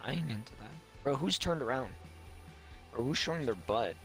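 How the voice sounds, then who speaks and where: A man's voice: mid-range voice, animated, normal speed, soft background music. A man chatting casually and trading crude, teasing banter with friends while gaming. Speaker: gaming streamer.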